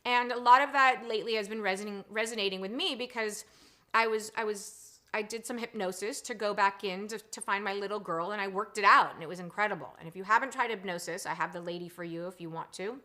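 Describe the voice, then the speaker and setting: Talking fast in a medium-pitched voice, a woman in her forties hosts a laid-back live stream. She chats, reads viewer comments out loud, and moves between animated and quiet tones.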